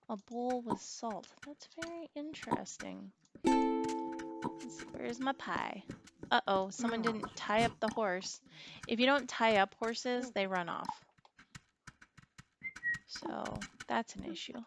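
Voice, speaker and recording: A woman giving casual, chatty commentary while she plays a video game, laughing often. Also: fairly high pitch. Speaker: game streamer. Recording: music playing under the voice.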